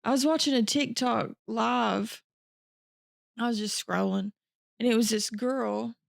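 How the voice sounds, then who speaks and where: Giggly rambling woman with a gravelly edge. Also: mid-range voice, no room sound, clean studio sound. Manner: giggly, rambling, self-deprecating. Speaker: podcast co-host. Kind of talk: casual chat.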